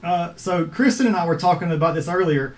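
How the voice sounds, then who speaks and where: A man hosting a casual livestream chat over a video call, speaking in an easygoing, halting way with lots of filler words. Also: fairly high pitch. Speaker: host of a filmmakers' livestream.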